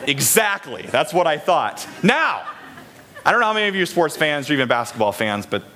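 A man's voice: fairly high pitch, sing-song, fairly quick, sharp tone, soft background music. A man preaching a chatty sermon to a church congregation, often asking them questions. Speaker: pastor. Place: church in Des Moines, Iowa.

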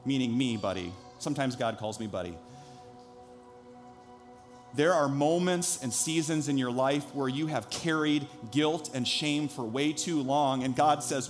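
A man's voice: medium pitch, a little slow, faint music behind. A man in his thirties, a pastor preaching a sermon, telling a personal story earnestly before building to emphatic preaching.

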